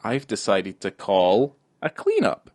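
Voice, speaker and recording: A man's voice: on the low side, huge pitch swings, slow pace, darkish tone, no echo, clean studio sound. A man co-hosting a casual film podcast, rambling and jokey with lots of fillers. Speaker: podcast co-host.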